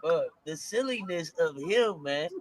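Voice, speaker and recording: A man's voice: a little high, expressive, a little slow, heavy background noise. A man co-hosting a casual sports podcast, teasing his partner and repeating phrases. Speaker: co-host.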